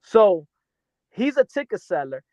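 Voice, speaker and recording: A man with a New York accent holds forth in a heated boxing debate, his voice sitting slightly high. He presses insistently and stacks repeated words to win the argument. The sound is dry and somewhat muffled. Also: very animated, measured pace, a little mellow, no echo. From New York City. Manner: insistent, talks over others, repeats words. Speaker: boxing commentator.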